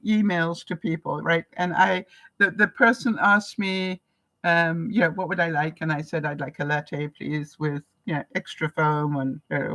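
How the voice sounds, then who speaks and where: Animated woman vlogger telling stories. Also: on the low side, low-quality recording. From Canada. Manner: animated storyteller, laughs often, acts out quoted voices. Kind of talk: live stream chat answering viewer comments.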